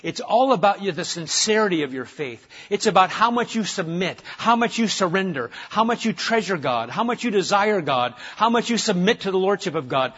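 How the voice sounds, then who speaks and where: A man preaching a sermon as pastor, passionately stressing points and then dropping to a hushed tone for prayer. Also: sits high, very animated, a little fast, hardly any pauses, breathy edge, highs cut off. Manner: impassioned, swinging from loud emphasis to hushed, intimate prayer. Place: church.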